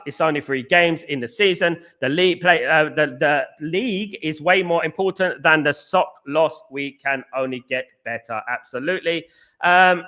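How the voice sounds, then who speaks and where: Young English man, fan stream host, argues with chat, high voice. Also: bright, forceful tone. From England. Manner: heated, argues with chatters, calls them mate. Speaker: fan channel host reading live chat. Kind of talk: livestream fan talk show.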